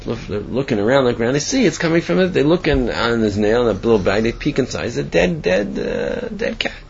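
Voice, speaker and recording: A man's voice: medium pitch, fast, muffled recording, a little hiss or hum. A man giving a sermon and telling parables, asking himself questions as he goes. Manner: storytelling, animated, asks himself questions.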